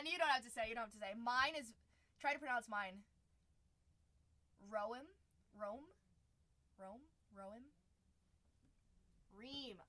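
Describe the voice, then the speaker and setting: A young woman with a high, bright voice hosts a live card-break stream. She chats casually, laughing often and reading viewer comments aloud. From San Diego area.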